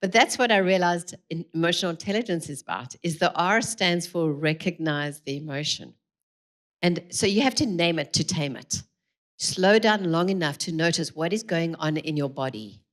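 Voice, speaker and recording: A middle-aged woman, giving a lively parenting talk to a church audience, acting out quotes and laughing often. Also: fairly low pitch, normal speed. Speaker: parenting speaker. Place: church hall.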